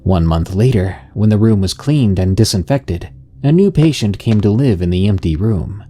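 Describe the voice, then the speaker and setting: A man narrating a scary story in a slow, even, scripted storytelling delivery. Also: fairly low pitch, husky.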